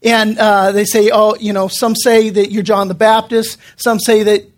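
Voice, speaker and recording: A man's voice: sits high, level tone, moderate pace. A male pastor giving a sermon to a congregation in a church room, talking casually, often restarting his phrases and briefly acting out the people he quotes. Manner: conversational preaching with frequent restarts, acting out quoted voices.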